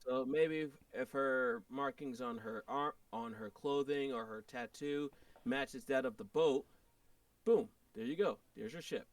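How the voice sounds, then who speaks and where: A man's voice: mid-range voice, unhurried, vocal fry, no echo. A man playing a tabletop role-play game, thinking aloud and restarting mid-sentence. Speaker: player. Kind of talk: tabletop game planning talk. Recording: dry, distant from the mic.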